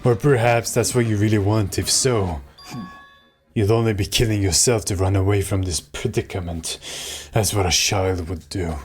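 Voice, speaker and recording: A man voicing a calm, commanding young male leader in a video game, lecturing in a measured tone. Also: fairly low pitch, soft background music, voice pushed down, lightly acted. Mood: stern.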